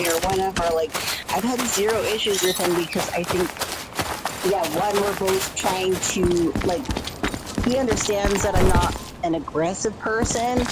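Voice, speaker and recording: A speaker chatting casually on a stream, reflective and quick to laugh. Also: mid-range voice, very noisy. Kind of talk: casual chat.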